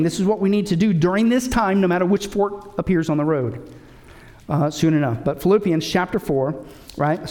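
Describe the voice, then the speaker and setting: High-voiced preaching man, emphatic. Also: darkish tone. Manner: emphatic, asks the audience rhetorical questions. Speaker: pastor. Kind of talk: sermon.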